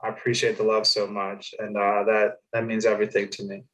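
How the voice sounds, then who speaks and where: A man's voice: fairly low pitch, completely flat delivery, a little fast, a bit bright, low-quality recording. Young man telling a story, loose and casual. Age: young adult. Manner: loose storytelling with many fillers and restarts. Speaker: guest. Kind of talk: casual interview chat.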